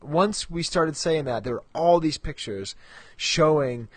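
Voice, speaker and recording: A man's voice: fairly high pitch, lively intonation, measured pace, slightly rough, dry recording. A middle-aged man co-hosting a podcast in casual, rambling chat, laughing at himself often. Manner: rambling, self-mocking, frequent ums and laughs. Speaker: podcast co-host.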